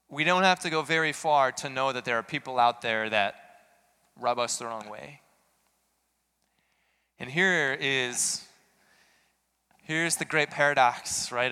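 A man's voice: mid-range voice, pushed and bright, smooth, in a large hall. A man preaching a sermon, earnest and questioning, building to emphatic peaks.

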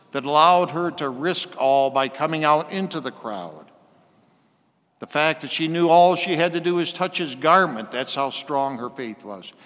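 A man preaching a sermon, slowing and softening his voice when he quotes scripture. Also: a little high, long reverb tail.

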